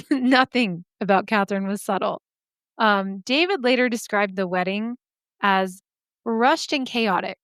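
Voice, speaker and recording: A woman's voice: medium pitch, fairly bright tone, no room sound, clean studio sound. A woman hosting a true-crime podcast, telling the story casually with sassy asides and frequent laughs. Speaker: podcast host.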